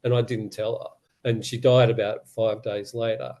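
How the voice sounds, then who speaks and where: Mellow-voiced man telling his story. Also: on the low side, flat delivery, moderate pace. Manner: earnest, candid, retells conversations in quotes. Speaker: podcast guest. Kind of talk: personal storytelling.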